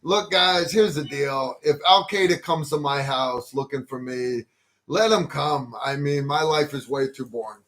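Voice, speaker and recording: A man's voice: mid-range voice, measured pace, a bit bright, a little hiss or hum. A man hosting a casual livestream, rambling and joking about himself. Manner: joking, rambling, self-deprecating. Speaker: livestream host.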